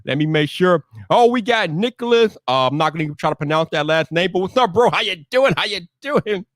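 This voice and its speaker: A high-voiced man hosts a live stream in a casual, energetic way, calling out to his viewers and whooping now and then. His voice is close and dry, with no room sound around it. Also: fairly quick, dry recording. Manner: energetic, shouting greetings to viewers.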